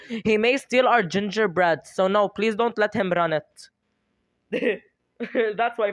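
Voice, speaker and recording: A young adult streamer giving excited gameplay commentary, giggling, squealing and talking dramatically to themselves. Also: medium pitch, moderate pace.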